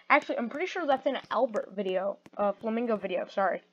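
A woman's voice: on the high side, lively intonation, fast talker, few pauses. A woman giving rambling, giggly commentary over a game video. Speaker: narrator and commentator. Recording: muffled lo-fi recording.

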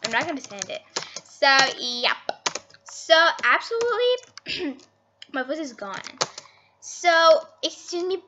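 A high, bright female voice giving giggly, chatty commentary as she plays a game. Her pitch bounces all over the place, and the delivery is slow and unhurried. It comes through a slightly dull, lo-fi computer mic with a faint hiss underneath. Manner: giggly, chatty and easily excited. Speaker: gaming channel host. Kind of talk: casual gameplay commentary.

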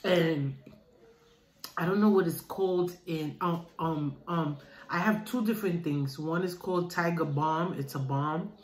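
A woman's voice: on the low side, unhurried. A middle-aged woman chatting casually to her viewers while eating, calling them "guys" as she talks. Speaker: mukbang vlogger. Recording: roomy room with faint noise.

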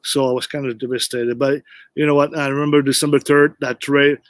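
Recounting his career as a former pro hockey player, a middle-aged man speaks earnestly in an interview, leaning on "you know what" for emphasis. His mid-range voice shows little pitch movement and runs a little fast, with no room sound.

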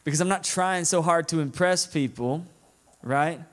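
Male guest preacher with a Southern accent. Slightly higher voice, folksy, talks to the room. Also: normal speed. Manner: conversational, often asks "right?". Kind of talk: sermon.

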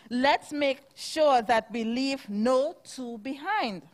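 Reading a rhyming picture book to children during a church service, a woman speaks in a slow, sing-song, high-pitched voice. She stops now and then to ask the kids questions.

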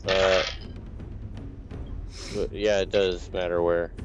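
A man player at a tabletop game who talks slowly and hesitantly in a lowish voice, drawing out his words and cracking jokes. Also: flat delivery, lo-fi sound, over music. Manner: hesitant, drawn-out, joking. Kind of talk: casual tabletop game chat.

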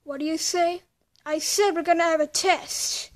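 A woman's voice: very high voice, steady tone, normal speed. A young woman doing playful childlike voices in a homemade play, shifting between several characters.

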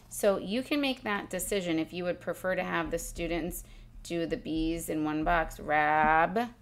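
A woman teacher calmly explaining a spelling exercise step by step, sounding out letters and sounds as she goes. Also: fairly low pitch. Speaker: literacy teacher. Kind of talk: instructional demonstration.

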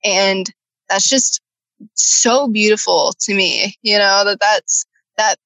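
A woman's voice: mid-range voice, fairly even intonation, slow pace, pushed and bright, no echo, rough recording. A woman, a tattoo artist and healer, talking in a podcast interview, earnest and rambling with many fillers. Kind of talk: podcast interview, casual storytelling.

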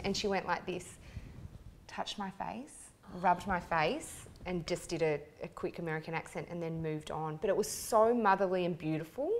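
A woman hosting a casual interview, bubbly and quick to react, telling stories with energy. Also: lowish voice, a little hiss or hum. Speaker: interview host. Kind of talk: casual chat.

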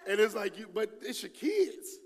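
A middle-aged man preaching a sermon in a church, talking lively and acting out the voices of the people he quotes. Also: normal speed. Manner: lively, acts out quoted voices with big swings in pitch and volume. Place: church sanctuary. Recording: long hall reverb.

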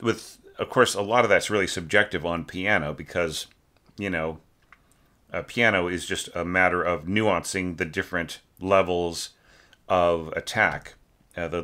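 A man with a very low voice talks through a student's orchestral score. He keeps it loose and conversational, thinking aloud with plenty of fillers and humming or singing quick syllables to show how a note should be shaped. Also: pushed and bright. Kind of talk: informal score critique.

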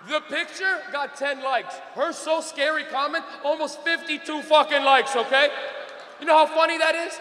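A man doing a stand-up routine on stage, loud and profane, laughing as he talks. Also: extremely high pitch, moderate pace, slight background noise. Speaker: stand-up comedian. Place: comedy club stage. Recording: echoey hall reverb.

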